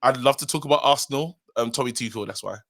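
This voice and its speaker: A young man co-hosting a podcast, chatting and joking with quick laughs. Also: medium pitch, vocal fry, a bit bright. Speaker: podcast co-host. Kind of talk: casual chat.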